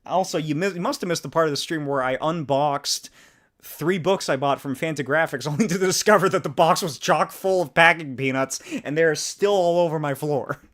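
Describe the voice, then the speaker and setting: Man, comics stream host, casual chat, jokey, laughs a lot, fairly high voice. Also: moderate pace, a bit bright. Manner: giggly and joking, swears casually.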